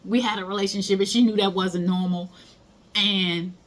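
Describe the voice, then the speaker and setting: A woman's voice: mid-range voice, steady tone, moderate pace. A middle-aged woman, giving casual motivational advice and telling stories. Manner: conversational, storytelling, acts out quoted voices. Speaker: motivational speaker.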